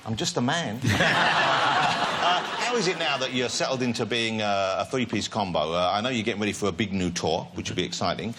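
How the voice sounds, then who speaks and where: A man's voice: on the low side, brisk. A man hosting a talk show, asking chatty, jovial questions. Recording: loud studio audience and noise. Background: studio audience.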